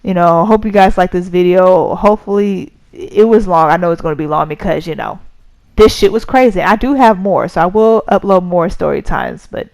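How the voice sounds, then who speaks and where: A young adult woman, telling a story to her viewers in a casual, profane, animated way. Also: lowish voice, moderate pace, creaky, no echo, poor audio. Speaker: vlogger.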